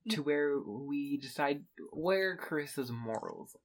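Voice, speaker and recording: A man's voice: fairly high pitch, expressive, slow. Young guy on a podcast, chill, laughs stuff off. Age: young adult. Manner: laid-back, laughs things off. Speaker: podcast co-host. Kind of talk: casual chat.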